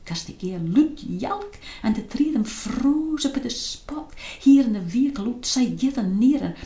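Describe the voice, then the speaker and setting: A woman with a Scots accent reading a children's story in dialect, in a hushed, tense way. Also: a little high, lively intonation, moderate pace. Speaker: narrator. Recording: roomy echo.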